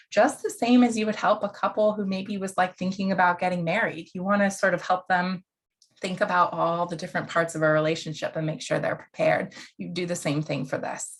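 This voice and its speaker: A woman counselor educator giving an online lecture in a casual, conversational way, with fillers and asides. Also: lowish voice.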